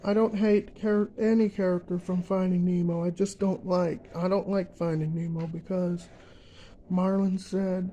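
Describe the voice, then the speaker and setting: Slow-talking young man with a high voice. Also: level tone, mellow, muffled recording, slight background noise. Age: young adult. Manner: repetitive, emphatic, fills pauses with uh and um. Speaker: vlogger. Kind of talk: ranting vlog monologue.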